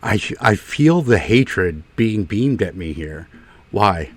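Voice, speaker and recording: Male stream host, low voice, joking casual chat, teasing tone. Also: animated, takes it slowly. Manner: joking, teasing, many fillers and restarts.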